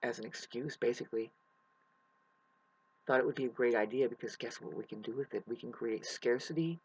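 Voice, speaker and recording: Husky, emotional, swearing outdoor vlogger. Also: mid-range voice, a little fast, a little mellow, rough recording. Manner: emotional, profane, restless. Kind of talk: rambling ranting monologue to camera. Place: outdoors in the mountains by a creek.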